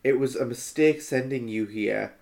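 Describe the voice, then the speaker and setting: A man reads fan fiction aloud on a comedy podcast, dropping into lazy character voices and breaking into laughter. His pitch sits in a mid range for a man. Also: moderate pace, vocal fry, darkish tone. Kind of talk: comedic reading with banter.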